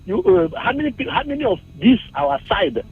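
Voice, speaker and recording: Nigerian male caller, agitated and repetitive, high lively voice, husky and gravelly, tinny phone line. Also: brisk. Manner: agitated, repeats that he is angry.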